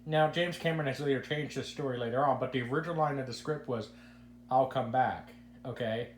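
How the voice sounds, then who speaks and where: A podcast host gives rambling opinions on a casual show, stumbling by repeating words as he starts sentences. He talks fast in a mid-range voice, recorded in an echoey room with a faint hum.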